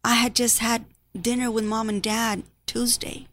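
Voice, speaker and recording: A woman who is a nurse giving an emotional personal testimony to an audience, halting and sometimes dropping to a near whisper. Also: a little high, level tone, a bit bright. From Spanish-speaking background.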